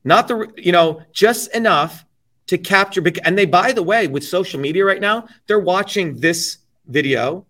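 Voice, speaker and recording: A man on an interview show speaks bluntly and emphatically, with a fairly high voice. He drives his points home with profanity and sounds a little distant from the microphone. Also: moderate pace, a bit bright. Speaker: interview guest. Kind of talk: casual interview talk.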